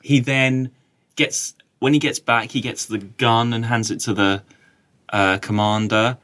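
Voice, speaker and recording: Co-hosting a podcast, this man speaks at medium pitch with fairly even intonation, a measured pace and a fairly bright tone. He keeps things casual and chatty, laughing frequently.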